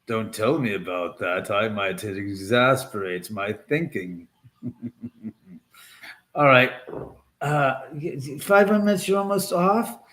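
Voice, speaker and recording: Man, livestream host, casual chat with viewers, rambling, crude jokes, lively pitch. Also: takes it slowly, long pauses. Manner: rambling, crude and joking, laughs a lot. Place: his home.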